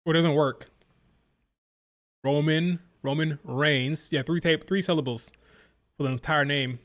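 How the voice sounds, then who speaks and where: A man's voice: a little high, brisk, a bit bright. Chatty man mimicking crowd chants. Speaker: live stream reaction host. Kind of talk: casual wrestling watch-along commentary.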